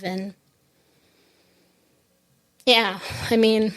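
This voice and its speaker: A grieving woman telling a personal story in an interview, reflective and halting, with many restarts. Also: medium pitch, steady tone, gravelly. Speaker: podcast guest. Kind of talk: conversational interview.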